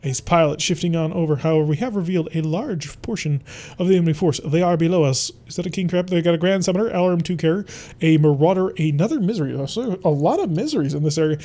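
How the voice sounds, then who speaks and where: Fast-talking, with a fairly high pitch and a dark tone, a man narrates his strategy game playthrough. The let's-play commentary is playful and theatrical, and he talks straight to his enemies.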